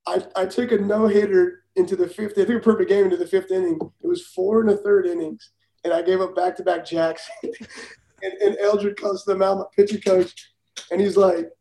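Fast, gravelly former pitcher telling stories. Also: male voice. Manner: animated, acts out quoted dialogue, laughs through stories. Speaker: former baseball pitcher, guest. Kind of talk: casual storytelling. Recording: roomy echo.

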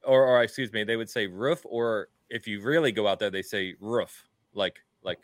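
English co-host, low voice, dry sound, teasing and playful. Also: male voice, a little fast, dry recording. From England. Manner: teasing, jokey. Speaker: podcast co-host. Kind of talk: casual chat.

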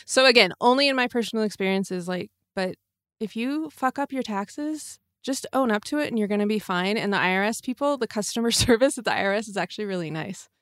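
A woman's voice: medium pitch, expressive, fairly quick, fairly bright tone, no room sound. A woman, a guest on a podcast, talking chattily with lots of filler words. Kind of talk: casual chat.

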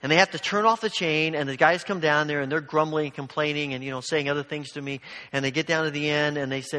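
A man's voice: fairly high pitch, fairly even intonation, quick pace, few pauses, pushed and bright. An older man preaching a sermon as pastor, telling stories in a conversational, earnest way. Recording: long hall reverb.

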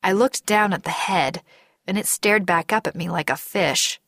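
A woman narrating a first-person story in a measured, deliberate way. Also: medium pitch, a bit bright, no room sound, studio quality. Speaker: audiobook narrator.

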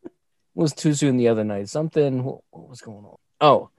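A man's voice: medium pitch, brisk, a little mellow, dry recording, clean studio sound. A middle-aged man co-hosting a casual podcast, telling rambling family stories with jokes. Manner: rambling storyteller, jokey. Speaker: podcast co-host.

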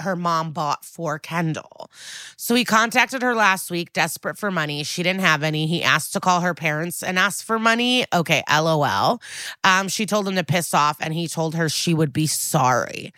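A woman co-hosting a podcast in casual chat, recapping a TV episode and acting out the characters' lines with sudden jumps in pitch. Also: normal speed, sharp tone, no room sound, studio quality.

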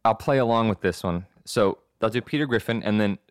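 A man's voice: on the low side, fairly quick, clean tone, dry recording, studio quality. A laid-back young man, a podcast co-host chatting casually and calling friends bro. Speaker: podcast co-host doing voices. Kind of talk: casual chat.

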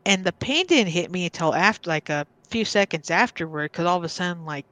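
Woman guest, casual storyteller, halting delivery with frequent restarts, dry close sound. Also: fairly low pitch, animated, fairly bright tone, no room sound. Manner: halting, restarts and repeats words. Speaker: podcast guest.

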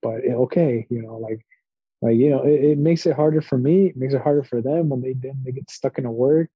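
Brisk and husky at medium pitch, this Spanish-native man co-hosts a podcast, chatting casually and rambling through lively stories where he voices the characters and laughs along. There's no echo, and his podcast mic sounds dull and lo-fi.

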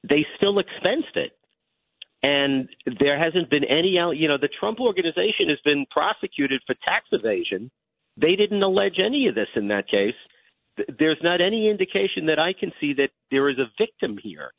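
Guy on a phone line breaking down a legal case, measured, restarts a lot, tinny and dry. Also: on the high side, big pitch swings, gravelly, no echo. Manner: measured, argumentative, frequent restarts. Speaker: legal commentator guest. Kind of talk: radio talk show discussion.

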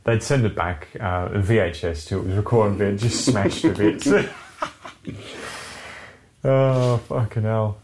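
Deep-voiced swearing man. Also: measured pace, a crowd in the background. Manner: rambling, swears freely, laughs often. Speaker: podcast co-host. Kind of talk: casual chat.

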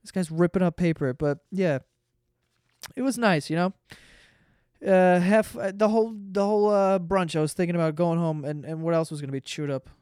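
Male podcast host, casual swearing storyteller, smooth and clean, dry close sound. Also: high-pitched, normal speed, a little mellow, no room sound. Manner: profane, rambling storyteller.

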